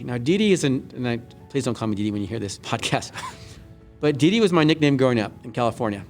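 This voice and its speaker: A middle-aged man, a guest on an interview show, telling a personal story earnestly with many pauses and restarts. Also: mid-range voice, expressive, soft background music. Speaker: guest, Olympic speed skater. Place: large indoor skating arena.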